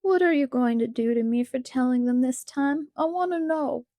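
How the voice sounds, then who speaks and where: A woman reading aloud gives voice to an impish six-year-old boy in a storybook. He speaks high and pleading, between sobs, with childish slang, in a close, dry sound. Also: normal speed, mellow, no room sound, lightly acted. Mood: questioning.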